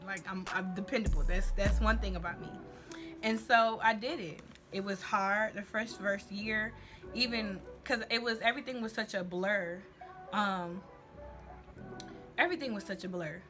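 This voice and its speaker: A woman's voice: mid-range voice, moderate pace. Young woman telling her story over music. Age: young adult. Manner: candid, faith-centered, slangy. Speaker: vlogger. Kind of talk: personal storytelling vlog. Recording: music playing underneath.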